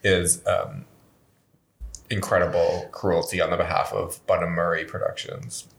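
A man's voice: deep voice, little pitch movement, a little slow, gravelly, roomy sound. A man co-hosting a casual chat, talking in a hesitant, filler-heavy way with dry remarks. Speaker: podcast co-host.

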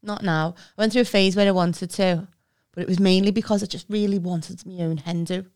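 A woman's voice: fairly low pitch, steady tone, a little fast, a little mellow. A woman, co-hosting a casual comedy chat in a dry, chatty way. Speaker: podcast co-host.

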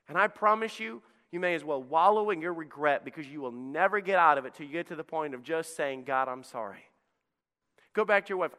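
A man's voice: on the high side, lively intonation, fairly quick. Man preaching with ringing hall echo. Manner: impassioned preaching, swings between loud and hushed. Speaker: pastor. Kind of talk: sermon. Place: church sanctuary. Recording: long reverb of a church hall.

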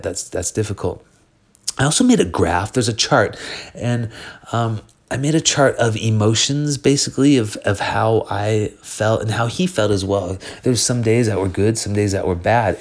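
Earnest motivational man, lowish voice. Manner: earnest, motivational, with frequent restarts and fillers. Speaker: podcast host. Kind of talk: casual monologue.

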